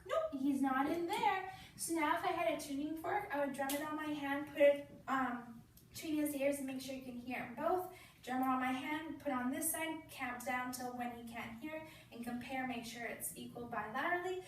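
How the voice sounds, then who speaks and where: A young woman student nurse walks through a child's exam step by step, switching to a playful sing-song voice for the patient. Her voice sits high, and she is recorded from across a strongly echoing practice room with faint background hum. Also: brisk. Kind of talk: demonstrating a clinical assessment. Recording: very echoey room, voice from a distance.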